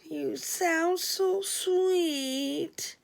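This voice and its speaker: A woman's voice: extremely high pitch, extremely slow, gravelly, voice pushed up, exaggerated voice. A woman voicing a whiny male prisoner who pleads and begs, in a storybook reading. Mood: whining. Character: whiny jailed man begging for calls.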